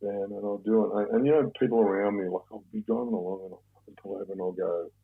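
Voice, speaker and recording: Brief: blunt, swearing Australian man in his 50s, gravelly and husky, tinny phone-like sound. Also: lowish voice, fairly even intonation, fast. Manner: blunt, swears often, rambling with many restarts. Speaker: podcast guest. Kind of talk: casual conversation.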